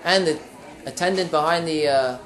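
A Torah teacher tells a moral story in a relaxed religious lesson. The voice sits in an ordinary middle pitch and restarts phrases often while acting out what each character says. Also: normal speed. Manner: retells stories with quoted dialogue, frequent restarts.

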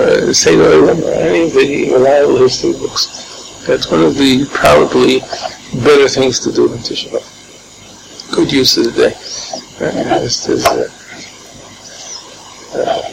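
A man giving an informal Torah class, animated, firing off rhetorical questions and often chuckling. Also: mid-range voice, a little slow, vocal fry, pauses often. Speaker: Torah teacher. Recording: noisy background.

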